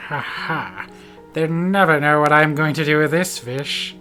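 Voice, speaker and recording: A gloating villain with a theatrical cackle, plotting world domination with a fish in hand, as a man puts him on. The voice drops lower than the speaker's usual high register and comes out louder, hammy and self-satisfied. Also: measured pace, faint music behind. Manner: gloating, theatrical evil laugh. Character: scheming villainous man with a salmon.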